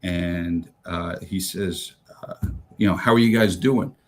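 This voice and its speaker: A man's voice: deep voice, slow pace, a little hiss or hum. A retired rescue officer, a man, telling a first-hand story with many fillers and restarts, acting out what others said. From United States.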